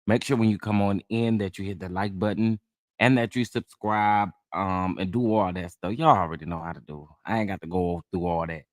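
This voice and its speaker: A male livestream host who's a bit under the weather chats casually in a low voice at a moderate pace, greeting viewers by name and drawling through asides. The close-mic sound is dry, with no room sound.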